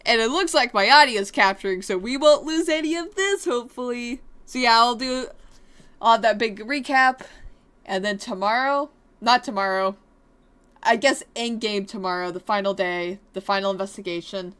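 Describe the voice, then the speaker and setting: A woman's voice: a little high, moderate pace, a bit bright, clean tone. A woman giving casual, chatty commentary on a game she is playing, loose and full of fillers, with game music behind. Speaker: let's play host.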